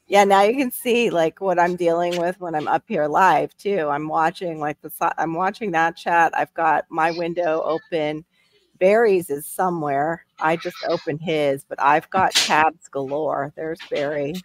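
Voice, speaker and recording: A woman's voice: low voice, a little slow. A woman hosting a casual livestream, chatting and greeting viewers from the chat as she reads it. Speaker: livestream host. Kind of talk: casual live-stream chat.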